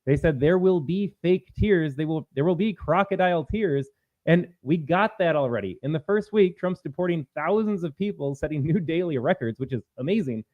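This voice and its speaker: Guy ranting on his political stream, reads viewer comments, kinda high voice, dry muffled audio. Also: animated, moderate pace, no echo. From Minnesota. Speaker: political show host.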